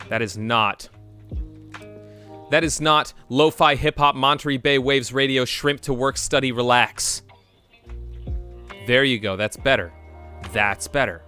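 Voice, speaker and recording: A young adult man streaming a game, chatting playfully with his viewers and breaking into sudden loud shouts. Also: medium pitch, a little slow, long pauses, soft background music. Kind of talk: casual live-stream chat.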